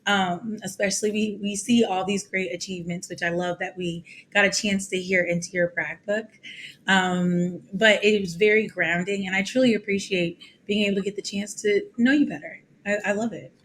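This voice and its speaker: A woman's voice: medium pitch, steady tone, moderate pace, a little hiss or hum. A woman hosting a podcast interview, chatty and affirming, often saying "um" as she frames questions and thanks her guest. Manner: warm affirming, chatty, many fillers. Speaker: podcast host.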